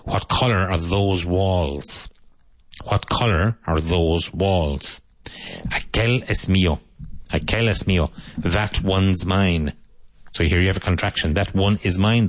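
A man teaches English in a radio lesson. His voice sits very low, and the studio sound is close and dry. He says each phrase slowly and repeats it so listeners can copy it. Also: no echo.

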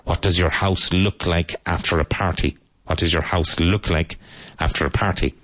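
Deep-voiced man teaching English. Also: fairly even intonation, a bit bright, no room sound. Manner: repeats each question and answer slowly for learners. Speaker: English teacher hosting a live lesson. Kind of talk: live language lesson.

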